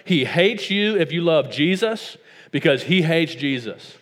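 West tennessee preacher guy, kinda high voice, asks the crowd questions, echoey church hall. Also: lively intonation, unhurried, fairly bright tone. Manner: storytelling with rhetorical questions, rising to emphatic preaching. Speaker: pastor. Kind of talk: sermon.

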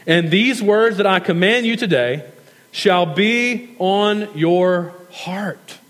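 A man preaching a sermon earnestly, repeating key phrases for emphasis and slowing down to stretch important words. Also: high voice, a bit bright. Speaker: pastor. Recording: long hall reverb.

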